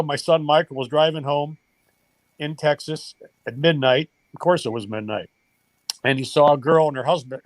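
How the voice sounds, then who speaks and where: An older man tells a long personal story in an earnest, emotional way, his voice sitting a little high for a man. The sound is dry and close, with no room around it. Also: no echo. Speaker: guest, retired baseball coach. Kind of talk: storytelling in a podcast interview.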